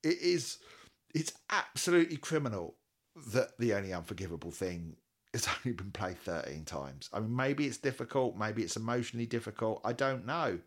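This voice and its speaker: A man with a very low voice talks in a relaxed, chatty way as a co-host. He gets enthusiastic, rattles off numbers and laughs easily. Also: brisk. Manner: enthusiastic, quoting statistics, laughs often. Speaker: podcast co-host. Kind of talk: casual chat.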